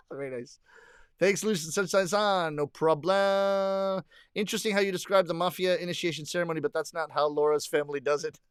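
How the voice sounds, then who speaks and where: A man's voice: high voice, clean tone, no echo, clean studio sound. A middle-aged man hosting a livestream, casually chatting and reading viewer comments aloud, laughing often.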